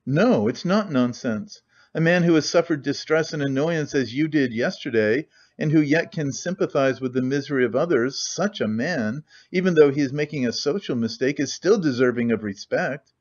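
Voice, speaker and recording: A man voicing an excitable, preachy young idealist who lectures eagerly and talks in quick bursts. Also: medium pitch, dull audio, natural voice.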